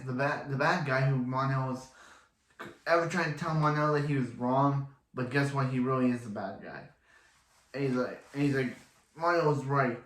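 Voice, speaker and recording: A man's voice: mid-range voice, fairly bright tone, roomy sound. A man casually recapping a TV episode, rambling and often restarting his sentences. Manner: rambling, repeats and restarts himself. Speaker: TV episode reviewer.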